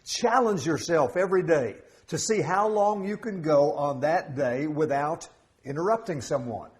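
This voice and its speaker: A man's voice: fairly high pitch, a little slow. A middle-aged man preaching a sermon as pastor, conversational and humorous, with jokes and asides. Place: church sanctuary.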